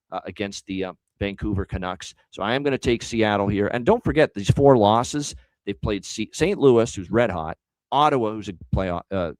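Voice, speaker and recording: Low-voiced emphatic betting show host. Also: male voice, no room sound, poor audio. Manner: emphatic, talks picks through at length. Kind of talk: casual sports betting analysis.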